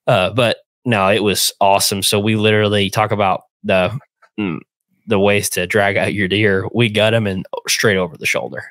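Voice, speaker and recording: A young man casually retelling a hunting trip, animated and acting out the voices in a phone call. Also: fairly low pitch, moderate pace, no room sound. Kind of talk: casual storytelling.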